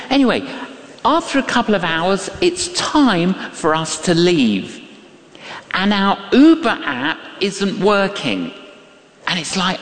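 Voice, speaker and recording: Emphatic older preacher in an echoey hall. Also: male voice, high voice. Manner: emphatic, repeats key phrases, acts out quotes. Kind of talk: sermon with storytelling. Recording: echoey hall with long reverb.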